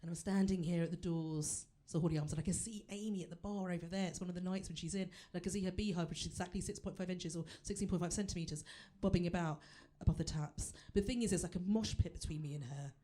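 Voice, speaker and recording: A woman's voice: fairly low pitch, quick pace, few pauses, dark tone. A woman performing a stand-up comedy set on a theatre stage, chatty and self-deprecating as she talks straight to the audience.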